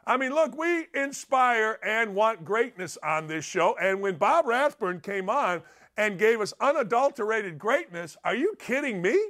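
A middle-aged man hosting a sports talk show, loud, rambling and jokey, swinging from shouts to low mutters. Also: lively intonation, measured pace. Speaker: sports radio host. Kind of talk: energetic sports talk monologue.

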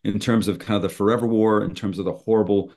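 A man's voice: on the low side, steady tone, quick pace, gravelly, darkish tone. A middle-aged man, a screenwriter, telling a story in conversation and acting out both sides of old phone calls. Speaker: screenwriter guest.

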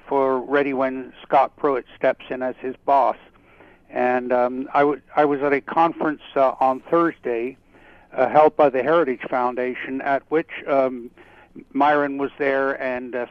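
A man's voice: medium pitch, no echo. A man from Canada, a climatologist guest on a radio interview, talking in a rambling way with many fillers and restarts. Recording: dull lo-fi remote line.

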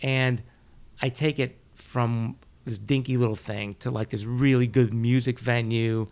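A man from Connecticut, a restaurant owner and podcast co-host, telling his story in relaxed chat. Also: mid-range voice, unhurried, clear, resonant tone. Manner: relaxed storyteller, laughs easily.

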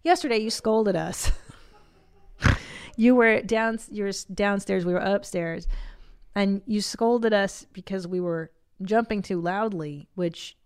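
Woman in her 40s hosting a podcast, jokey and teasing, middle-pitched voice. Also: takes it slowly, smooth. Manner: playful, joking, laughs often. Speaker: podcast host. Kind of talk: casual chat.

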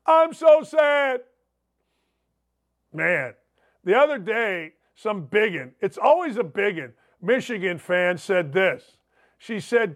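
A man's voice: high voice, fairly bright tone. An older man hosting a sports radio show, ranting in a sarcastic, mocking monologue and reading out listener messages. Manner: reads listener messages aloud. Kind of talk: opinionated talk radio monologue.

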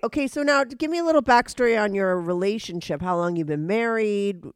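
A woman's voice: medium pitch, lively intonation, brisk, clean tone, no echo. Blunt, chatty woman host with a stuffy nose from a cold; dry, close mic. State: nasal from a cold. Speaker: podcast host. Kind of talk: casual frank interview.

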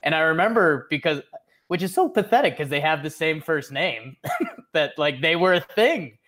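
A man's voice: on the high side, lively intonation, normal speed, fairly bright tone. A young man co-hosting a casual sports podcast, rambling and joking with frequent laughs. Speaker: podcast co-host.

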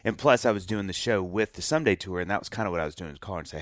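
A man telling a story in a casual interview, animated and acting out voices of the people in it. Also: sits low, very fast, few pauses, no room sound, clean studio sound. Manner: animated, acts out voices of himself and others in his stories. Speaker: musician telling his love story.

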